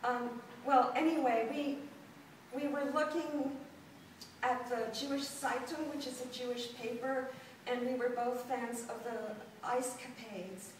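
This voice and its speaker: A woman in her sixties from Los Angeles, a performance artist telling her life story to a gallery audience in a halting way, with frequent pauses and ums. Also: fairly high pitch, steady tone, a little hiss or hum. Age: 60s. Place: gallery room before an audience. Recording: very echoey room, distant mic.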